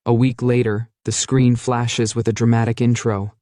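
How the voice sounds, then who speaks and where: A man's voice: medium pitch, flat delivery, moderate pace, mellow, no room sound, clean studio sound. A man narrating a comic recap as dramatic storytelling.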